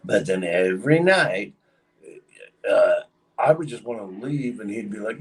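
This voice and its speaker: A man's voice: lowish voice, lively intonation, measured pace, far from the mic, low-quality recording. A man casually telling a long story on a livestream, rambling with lots of fillers. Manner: rambling, many fillers, acts out quoted voices.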